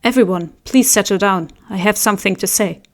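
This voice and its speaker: A woman's voice: medium pitch, fairly even intonation, moderate pace, close to an everyday voice. A proud, prickly young noble speaks up firmly and then huffs with impatience, as a woman reading an audiobook puts him on. His tone stays clipped and commanding. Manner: firm, impatient, huffy. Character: proud, prickly young man, the little phoenix.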